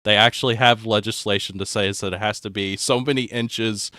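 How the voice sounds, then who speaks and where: A man chatting casually on a stream, low-key and often trailing off into quiet asides. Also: fairly even intonation, a little fast, dry recording, clean studio sound. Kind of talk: casual chat.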